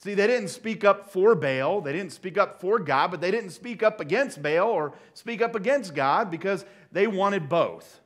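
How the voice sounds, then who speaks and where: A man preaching a sermon as pastor, telling a story with lively swings from loud acted-out quotes to quiet, hushed asides. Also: high voice, moderate pace, few pauses. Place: church sanctuary.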